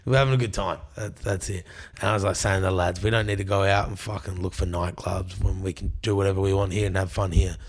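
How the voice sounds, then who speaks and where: This is a young Australian man talking casually on a podcast. He spins a rowdy story and curses often. He slips into quick impressions of his friends along the way. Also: deep voice, fairly even intonation. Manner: swears a lot, acts out quotes. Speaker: guest.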